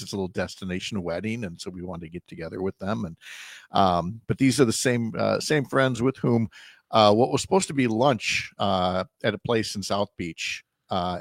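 A man's voice: on the low side, no room sound, clean studio sound. A man hosting a radio talk show, chatting casually with many fillers and restarts. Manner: rambling, lots of fillers and restarts.

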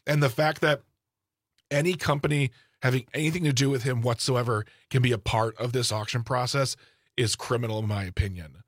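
A man's voice: medium pitch, steady tone, fairly quick, no room sound, clean studio sound. A man co-hosting a podcast who reacts to the news with blunt, indignant comments. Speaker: podcast co-host.

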